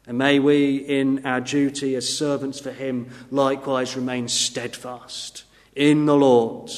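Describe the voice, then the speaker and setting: A man preaching an earnest sermon, swinging between emphatic rises and quiet drops. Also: mid-range voice, level tone, a little slow. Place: church. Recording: long reverb of a church hall.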